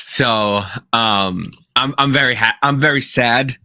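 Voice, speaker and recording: Rambling bright-voiced man chatting. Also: medium pitch, slow pace, no echo. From Kansas. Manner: rambling storyteller, many restarts and fillers. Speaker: podcast co-host. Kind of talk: casual chat.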